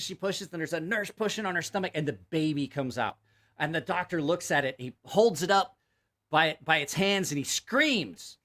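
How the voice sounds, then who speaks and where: Host, male, slightly high and bright voice, animated, swears a lot and cracks himself up. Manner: laughs at his own jokes, swears freely; animated joke telling. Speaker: channel host. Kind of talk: casual livestream storytelling.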